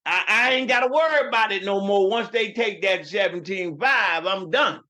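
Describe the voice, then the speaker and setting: His voice sits high, pushed and bright, at a normal speed. He's a man in his fifties with a New York accent, a podcast guest telling rambling family stories in casual chat, with plenty of restarts.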